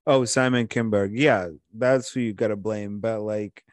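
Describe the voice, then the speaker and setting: A man co-hosting a podcast, chatting casually and wandering through his points with plenty of fillers. His voice sits fairly low, and it sounds dry and close to the mic. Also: fairly even intonation, measured pace, no echo. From Watertown, Massachusetts. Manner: rambling, many fillers and restarts. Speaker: podcast co-host. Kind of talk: casual chat.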